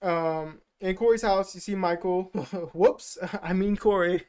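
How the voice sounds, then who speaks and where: A man's voice: high-pitched, slow, a little mellow, clean tone. A man co-hosting a podcast, rambling through a casual film recap with lots of fillers and swearing. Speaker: podcast co-host.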